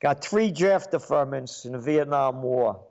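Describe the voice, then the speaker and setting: A man ranting sarcastically as a commentator, scornful, with sudden bursts of loud speech. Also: mid-range voice, expressive, unhurried. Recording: dull lo-fi sound.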